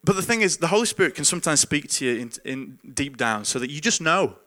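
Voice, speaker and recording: A man's voice: fairly high pitch, very animated, quick pace, sharp tone. A man who is a pastor, giving an earnest, informal sermon with frequent repeated words and chuckles. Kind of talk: conversational sermon.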